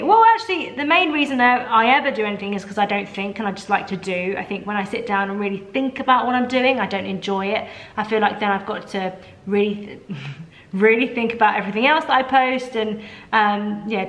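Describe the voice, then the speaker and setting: A woman's voice: medium pitch, a bit bright. A woman, talking casually in a video diary, rambling and self-deprecating with plenty of restarts and asides. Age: 30s. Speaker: vlogger.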